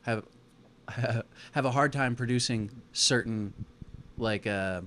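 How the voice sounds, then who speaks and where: A young man on a comedy podcast with an ordinary mid-pitched voice. He teases his co-host and throws out quick what-if questions in relaxed banter. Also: slight background noise. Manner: teasing, asks quick hypothetical questions.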